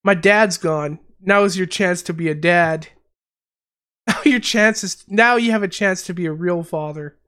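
A man from Canada hosting a podcast in casual chat, high on mushrooms, rambling and giggling with slangy talk. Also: unhurried, bright, forceful tone, clear, resonant tone. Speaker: podcast host.

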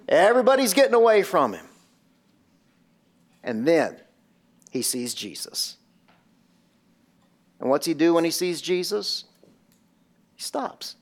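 A man's voice: high-pitched, lively intonation, takes it slowly, long pauses. A man preaching a sermon and retelling a scene vividly, with many rhetorical questions. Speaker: pastor.

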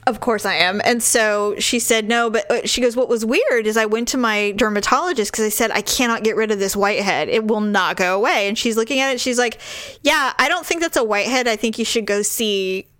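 A woman's voice: mid-range voice, brisk, hardly any pauses. A woman telling a long story in casual chat, acting out the voices of the people in it and laughing often. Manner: animated, acts out quoted voices, laughs often.

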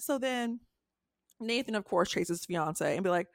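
A woman's voice: mid-range voice, lively intonation, moderate pace, vocal fry, no room sound, clean studio sound. A young adult woman, a podcast co-host, retelling a story in casual chat, acting out quotes in a raised voice and swearing freely.

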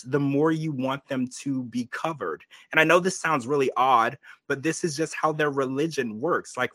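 A man hosting a podcast, chatting casually and giving his opinions while quoting people in quick asides. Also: on the high side, fairly bright tone, dry recording. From United States. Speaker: podcast host. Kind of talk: casual recap chat.

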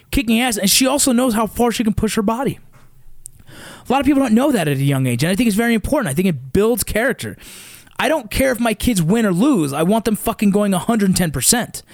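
Speaking in a high voice with no echo and studio-quality sound, a San Fernando Valley father in his thirties pushes his young athletes. His rant is blunt and intense, packed with swearing, and he keeps repeating his points to drive them home.

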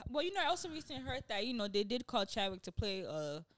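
A woman's voice: a little high, big pitch swings, fast talker, a bit bright, no echo, clean studio sound. A woman co-hosting a casual chat show, gossiping and mockingly reading posts aloud. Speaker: podcast co-host.

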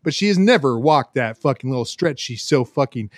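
Animated, profane storytelling man. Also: medium pitch, a little fast, no echo, clean studio sound. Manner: profane, animated, acts out voices in his stories. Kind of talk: casual storytelling chat.

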